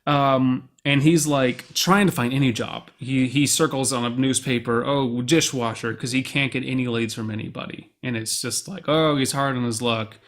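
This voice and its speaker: A young man co-hosting a podcast, chatting casually and excitedly, rambling and swearing freely. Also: medium pitch, moderate pace, hardly any pauses. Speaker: podcast co-host. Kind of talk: casual chat.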